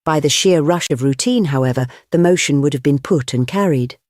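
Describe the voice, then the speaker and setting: An audiobook narrator reading a classic novel in a measured, even storytelling manner. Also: medium pitch, no echo, clean studio sound. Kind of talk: scripted narration.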